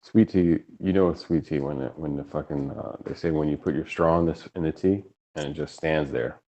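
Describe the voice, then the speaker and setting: A man's voice: a bass voice, brisk, mellow, lo-fi sound. A man from New York in a laid-back casual chat, swearing now and then.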